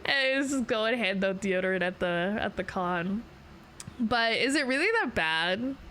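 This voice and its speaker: A woman's voice: medium pitch, lively intonation, moderate pace, sharp tone, a little hiss or hum. A young adult woman chatting casually with her stream viewers, rambling and self-deprecating, laughing often. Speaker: VTuber streamer.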